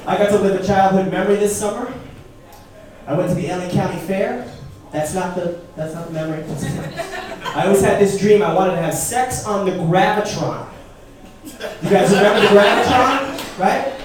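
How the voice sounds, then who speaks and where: High-voiced comic in echoey club. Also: male voice, normal speed, distant mic. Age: 30s. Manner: punchy, asks the crowd questions. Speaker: stand-up comedian. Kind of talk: stand-up comedy set. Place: comedy club stage before a laughing crowd. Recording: echoey club recording from afar, loud noise.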